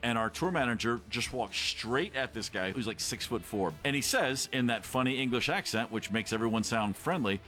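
A man hosting a podcast, telling an animated anecdote and acting out quotes. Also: mid-range voice, normal speed, hardly any pauses, faint music behind. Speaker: podcast host, former rock drummer. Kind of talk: storytelling anecdote.

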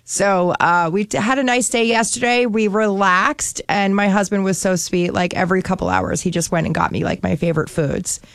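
A woman's voice: mid-range voice, moderate pace, few pauses, dry recording, clean studio sound. A woman from New Jersey, co-host on a radio talk show, telling stories in a chatty, giggly way full of fillers like "like" and "um". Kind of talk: casual chat.

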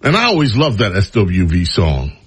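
A man's voice: on the low side, huge pitch swings, normal speed, fairly bright tone, breathy edge. A man hosting a talk radio show, speaking in a sarcastic, mocking monologue full of rambling asides.

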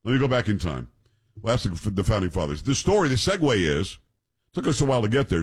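A man's voice: fairly low pitch, very animated, fairly quick, breathy edge. A man hosting a podcast, chatting casually and reading news aloud, joking and tripping over foreign names. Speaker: podcast host.

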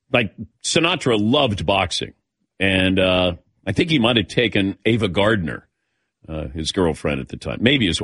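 An older man hosts a relaxed talk show and drifts into long sports memories, turning to his co-hosts by name. His voice sits a little low. It sounds close and dry, with no room around it. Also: dry recording. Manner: storytelling, calls on co-hosts by name. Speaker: host. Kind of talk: casual chat.

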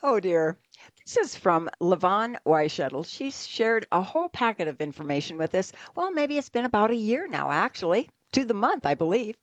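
A woman's voice: medium pitch, very animated, normal speed, dry recording. A woman co-hosting a radio show, telling jokes and stories with a giggly, self-mocking manner.

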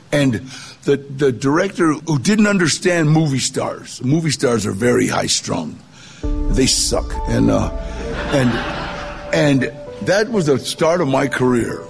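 Speaking at a medium, creaky pitch, an older man tells his own life story as a guest storyteller. The tone is easygoing and chatty, and he acts out the people he quotes.

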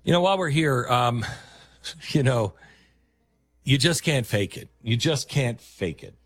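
A man's voice: medium pitch, animated, unhurried, breathy edge, no room sound, studio quality, faint music behind. A man hosting a talk radio show, delivering a sarcastic, mocking monologue.

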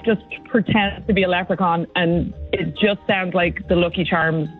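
A middle-aged woman from Ireland with an Irish accent, a caller on the phone playing a radio trivia game, relaxed and good-humoured, hesitating with fillers. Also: lowish voice, moderate pace, phone-quality sound, soft background music. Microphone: phone call.

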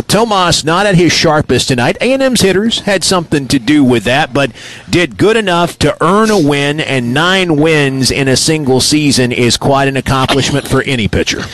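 Radio sports host guy, brisk postgame recap, normal middle voice. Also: mid-range voice, fairly bright tone, a little hiss or hum.

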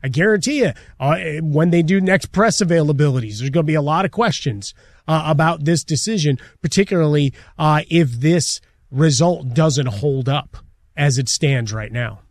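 A man's voice: on the high side, moderate pace, a little mellow, no room sound, studio quality. A man co-hosting a sports radio show, talking casually with lots of fillers and rhetorical asides. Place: studio.

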